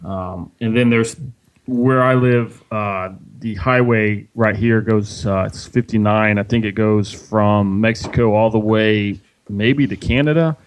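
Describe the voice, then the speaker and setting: A man's voice: on the low side, steady tone, unhurried, clean tone, low-quality recording. A man from South Texas with a slight Southern twang, a podcast guest answering questions hesitantly with many fillers. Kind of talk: casual interview answers.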